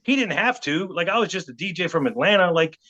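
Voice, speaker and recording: Middle-aged man, podcast guest storyteller; bright, slightly high voice, animated delivery, muffled lo-fi sound. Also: quick pace. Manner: animated, acts out quotes of others. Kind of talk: storytelling anecdote. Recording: dull lo-fi podcast audio.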